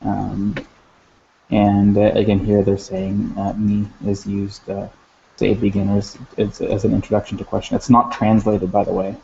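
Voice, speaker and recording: A man teaching a language lesson, talking in a halting way with many fillers and restarts. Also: fairly low pitch, monotone, creaky, dark tone, a little hiss or hum. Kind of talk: recorded lesson. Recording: dull lo-fi sound.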